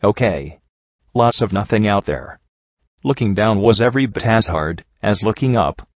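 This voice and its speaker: A man's voice: lowish voice, animated, moderate pace, dry recording. A man reading a first-person story aloud, with dry, wry asides. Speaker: audiobook narrator. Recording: dull lo-fi recording.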